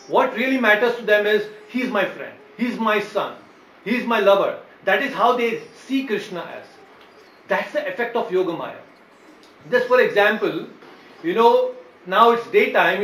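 A man gives a devotional lecture in a fairly high voice. He explains patiently and keeps checking in with his listeners. The sound is roomy and echoey, with a faint hum of ambience behind him. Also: fairly bright tone. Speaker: preacher.

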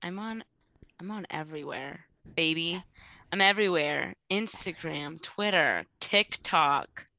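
A woman's voice: deep voice, lively intonation, unhurried, pushed and bright, lo-fi sound. A woman guest on a podcast, chatting casually and rambling with lots of "like". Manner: rambling, full of "like". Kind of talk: casual chat.

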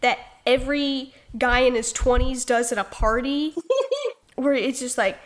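High-pitched woman podcast host, jokey, swears, laughs a lot. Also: fairly even intonation, unhurried. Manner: bantering, laughs often, swears freely. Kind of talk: casual podcast chat.

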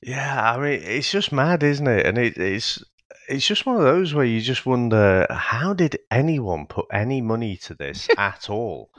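A man's voice: medium pitch, very animated, a little slow, a bit bright, no echo. A man in his thirties co-hosting a film podcast, rambling and hesitant, often chuckling as he talks. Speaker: podcast co-host. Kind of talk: casual film podcast chat.

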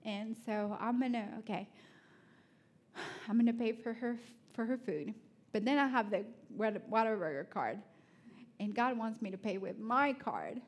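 A woman preaches at an unhurried pace in a slightly husky voice. She tells personal stories with animated, self-mocking energy and drops to soft, prayerful asides. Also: fairly high pitch. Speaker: speaker at a church.

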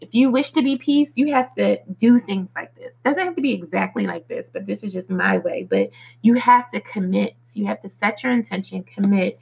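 A woman hosting a motivational podcast, who recites affirmations slowly and earnestly, then talks in a chatty way with fillers. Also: medium pitch, vocal fry, darkish tone, husky, low-quality recording. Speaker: podcast host.

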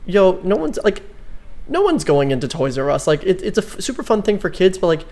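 A man chatting excitedly on a podcast, swearing freely and filling with "like". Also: sits high, fairly quick. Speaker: podcast co-host. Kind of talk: casual chat.

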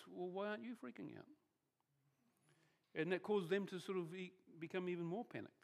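A pastor delivers a conversational sermon in a high, gravelly voice at a brisk clip. He frequently restarts phrases and lets the ends of his thoughts fade to a softer tone.

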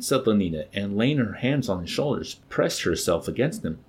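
A man narrating an audiobook with an expressive, dramatic reading. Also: lowish voice, normal speed, few pauses, breathy edge. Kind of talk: scripted narration.

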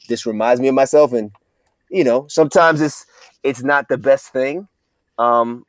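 A man speaking as a guest on a casual podcast interview, talking in an earnest, reflective way that speeds up and slows down as he thinks. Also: medium pitch, no echo. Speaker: actor and filmmaker guest.

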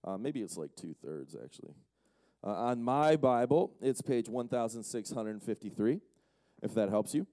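A man's voice: medium pitch, animated, normal speed, mellow, no room sound. A man giving a casual, joking sermon to a young audience as a conference speaker, teasing the crowd as he goes. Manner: playful, teases the audience.

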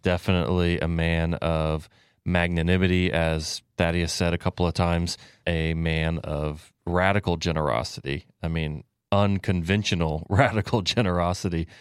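A man hosting a podcast discussion, relaxed and affirming as he wraps up. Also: sits low, normal speed, clean tone, dry recording, studio quality. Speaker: podcast host. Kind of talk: casual discussion.

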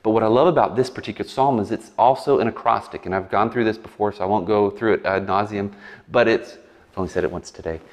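Male pastor, lowish voice, casual conversational sermon, animated asides, echoing hall. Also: quick pace. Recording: long hall reverb.

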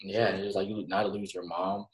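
A man's voice: low-pitched, flat delivery, brisk. A man casually reviewing anime with a co-host, using slang and acting out his own reactions. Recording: echoey room.

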